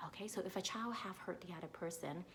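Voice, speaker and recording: A woman's voice: fairly low pitch, quick pace, a bit bright, slight background noise. A woman who teaches young children, giving earnest advice in an informal talk, with many fillers and frequent checks that she is understood. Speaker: early childhood educator.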